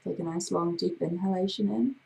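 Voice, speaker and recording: A woman hypnotherapist with a gravelly voice, leading a slow, soothing guided breathing exercise. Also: lowish voice, a little mellow, low-quality recording. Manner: slow, soothing, drawn-out guidance.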